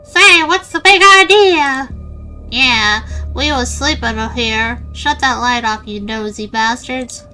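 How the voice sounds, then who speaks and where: A woman voicing a grumpy little bat in a game, high-pitched, gruff and rude. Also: takes it slowly, sharp tone, faint music behind. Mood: annoyed.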